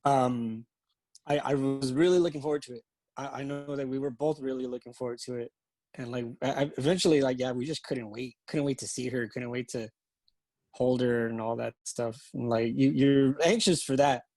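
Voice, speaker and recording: A man who is a guest on a podcast, talking reflectively in a halting way with many restarts. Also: mid-range voice, steady tone, dark tone, no room sound. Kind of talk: casual interview chat.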